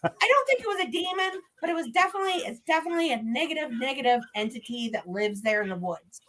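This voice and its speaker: A woman with a bright, fairly high voice tells a spooky story. She is animated and laughs easily, and she acts out the people in her story. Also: fast, low-quality recording. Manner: lively, laughs often, acts out others' lines. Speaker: paranormal investigator guest.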